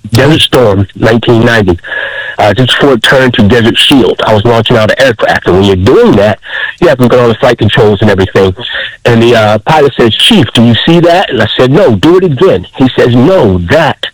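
A middle-aged man calling in to a radio show, telling a story in an earnest, emotional, halting way. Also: mid-range voice, no echo, rough recording. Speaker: caller. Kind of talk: phone-in story. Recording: dry call-in radio audio.

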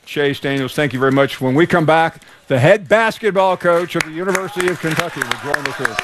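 A man's voice: on the high side, expressive, fairly quick. Man, radio host, teasing, wrapping up segment, noisy clicking line. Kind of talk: live show wrap-up.

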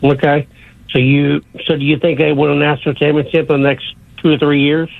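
A man with a gravelly voice, pitched a bit high, calls a sports show with friendly, casual questions. He comes through a tinny, phone-like line with a dry sound. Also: flat delivery, a little fast, no echo. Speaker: caller. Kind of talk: sports radio call-in.

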